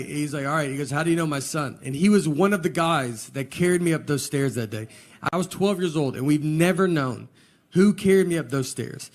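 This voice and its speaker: A middle-aged man with a Southern US accent doing a stand-up comedy set, telling stories in a dry, deadpan way into a handheld mic on a theater stage. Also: on the high side. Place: theater stage before a laughing audience. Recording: live hall recording with long reverb and audience noise.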